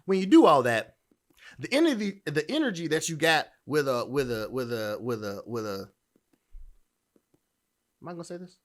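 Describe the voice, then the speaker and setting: A man's voice: fairly high pitch, very animated, moderate pace, long pauses. A male podcast host giving opinionated dating commentary in a blunt, profane, emphatic way, often restarting his sentences.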